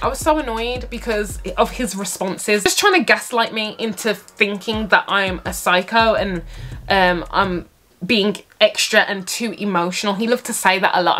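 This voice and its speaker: A young woman tells a dating story in a vlog, animated and dramatic, with sassy asides and big leaps up in pitch. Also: moderate pace. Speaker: vlogger.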